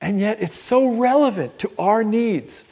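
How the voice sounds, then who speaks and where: An older man preaching a sermon as pastor, telling personal stories in an animated, emphatic way. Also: sits high, a little slow, vocal fry. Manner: storytelling, animated and emphatic, laughs at own stories. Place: church.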